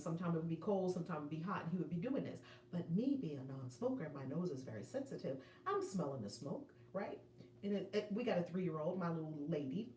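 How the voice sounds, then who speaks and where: A woman life coach telling a personal story as advice, animated and playful, with affectionate asides to her viewers. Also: on the low side, echoey room, recorded from a distance, slight background noise.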